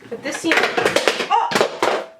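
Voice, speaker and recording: A woman's voice: very slow, heavy background noise. A young woman chatting casually about beauty products she bought, laughing often and drifting off topic. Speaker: beauty vlogger. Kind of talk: casual haul chat. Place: home room. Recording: roomy and distant home recording.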